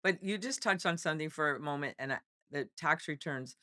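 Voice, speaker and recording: Bright, crisp woman podcast host. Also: deep voice, a little fast, no echo, clean studio sound. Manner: upbeat, talks to listeners directly. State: losing her voice. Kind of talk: casual podcast chat. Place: hotel event venue.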